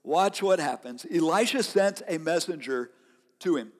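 A male pastor delivers a sermon in a conversational, animated storytelling manner. His voice sits a little high for a man. A long hall reverb trails behind every line. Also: measured pace.

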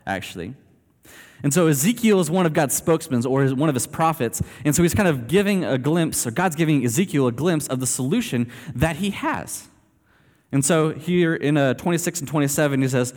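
A man preaching a sermon in a conversational, animated storytelling way, speaking to a church gathering. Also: fairly high pitch, brisk. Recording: long hall reverb.

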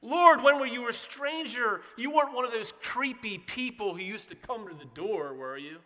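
A man's voice: extremely high pitch, animated, normal speed, sharp tone, long reverb tail, exaggerated voice. A man voicing a smug, sarcastic churchgoer who makes whiny excuses to the Lord.

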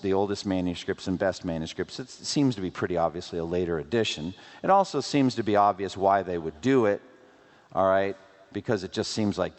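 In a large, echoing hall with long reverb, a pastor gives a sermon full of rhetorical questions and playful asides. His voice is lively, climbing and dropping in pitch.

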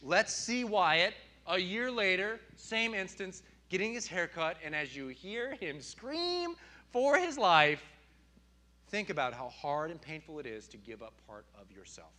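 A man in his thirties preaching a sermon, animated and telling stories with sudden loud outbursts. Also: sits high, measured pace. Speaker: pastor.

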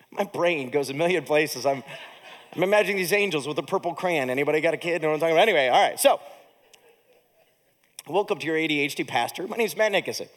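A man's voice: on the high side, fast talker, long pauses, fairly bright tone. A man pastor giving a sermon in a conversational way, with humorous, self-deprecating asides and a tired edge.

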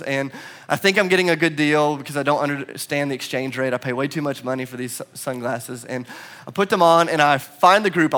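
A man's voice: on the high side, a bit bright. A male pastor preaching a sermon, telling a story with self-deprecating humor and building to emphatic repetition.

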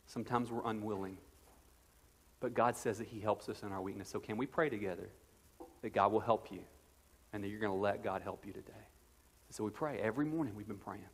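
A man's voice: lowish voice, fairly quick, pauses often, husky. A man in his thirties preaching a sermon as pastor, earnest and conversational with playful asides. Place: church sanctuary. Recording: long reverb of a church hall.

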